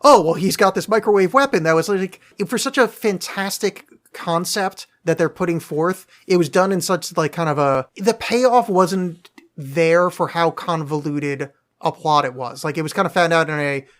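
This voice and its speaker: A man's voice: a little high, normal speed, a bit bright. A man co-hosting a podcast in casual chat, rambling and sarcastic with frequent restarts. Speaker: podcast co-host.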